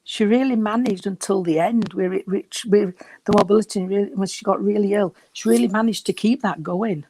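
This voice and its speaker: Guy doing a medium reading, soft and reassuring, a bit out of breath, dry sound. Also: high voice, a little fast, hardly any pauses, no room sound. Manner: gentle, reassuring, calls people sweetheart. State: short of breath. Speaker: spiritualist medium. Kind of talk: giving a reading at a service.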